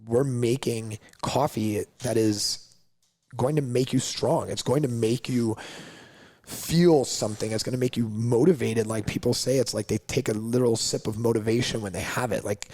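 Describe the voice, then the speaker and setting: Guy founder telling a story on a podcast, super animated, says "like" constantly. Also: mid-range voice, moderate pace. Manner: animated, acts out others' lines, heavy use of "like". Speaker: podcast guest, coffee company founder. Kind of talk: casual storytelling.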